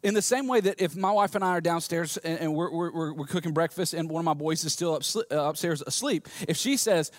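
A man from the US South, preaching a sermon in an emphatic, animated way, often repeating words as he restarts. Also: a little high, brisk, hardly any pauses, no echo, studio quality. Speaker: pastor.

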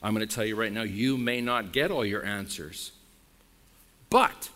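A man's voice: lively intonation, moderate pace. A man preaching a sermon as pastor, emphatic and blunt, talking straight to his congregation. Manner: emphatic preaching with wide swings in pitch and loudness; direct, frank and blunt with the congregation.

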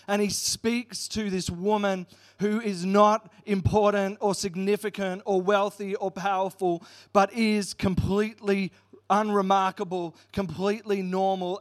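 High-voiced pastor preaching a sermon. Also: male voice. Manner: earnest storytelling with Bible readings.

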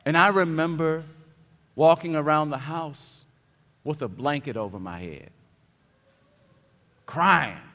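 A man preaching a sermon as pastor, dropping to quiet reflection and then building to loud, emphatic declarations. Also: a little high, slow pace, long pauses. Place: church sanctuary. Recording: long hall reverb.

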